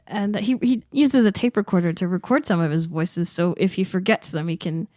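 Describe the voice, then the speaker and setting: A woman's voice: medium pitch, fairly even intonation, brisk, hardly any pauses, a little mellow, dry recording, clean studio sound. A woman co-hosting a podcast, telling stories in casual chat and laughing often. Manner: chatty storytelling, laughs often. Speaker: podcast co-host.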